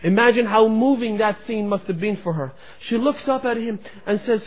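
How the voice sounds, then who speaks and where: A male preacher telling a story in a sermon, impassioned, swelling and dropping in loudness. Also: high-pitched, moderate pace, few pauses. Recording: dull lo-fi recording.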